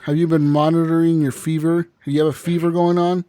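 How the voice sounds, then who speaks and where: A man's voice: on the high side, level tone, quick pace, warm tone, clean tone, no echo. A man hosting a casual gaming podcast, loose and laughing, swearing now and then. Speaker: podcast host.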